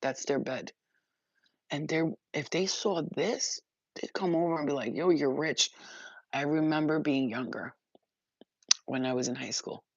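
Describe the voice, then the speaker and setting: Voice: mid-range voice, measured pace, long pauses, a little mellow, slightly rough, no echo. A spiritual livestream host in casual, profane chat who often acts out other people's voices. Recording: dull lo-fi dry sound.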